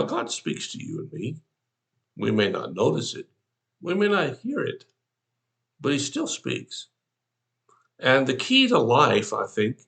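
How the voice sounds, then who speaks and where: A man's voice: mid-range voice, vocal fry, fairly bright tone. A man, an older pastor, giving a devotional sermon in a folksy, conversational way, talking straight to the listener.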